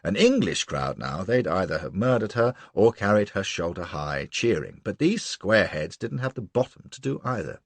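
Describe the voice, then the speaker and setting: A man's voice: low-pitched, very animated, moderate pace, hardly any pauses, husky, no echo. A man narrating a novel in the first person with a brash, boastful manner. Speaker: audiobook narrator.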